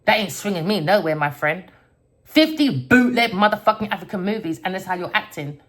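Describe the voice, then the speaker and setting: A woman giving a tarot reading as an angry, profane rant, swinging between low muttering and loud outbursts. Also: animated, fairly quick. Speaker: tarot reader. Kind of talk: ranting tarot reading monologue.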